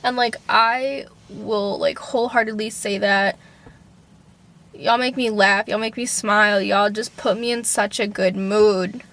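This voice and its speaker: A woman's voice: medium pitch, fairly even intonation, measured pace, fairly bright tone. A young woman talking casually to camera in a personal vlog, rambling, filling with "like" and swearing freely. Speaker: vlogger.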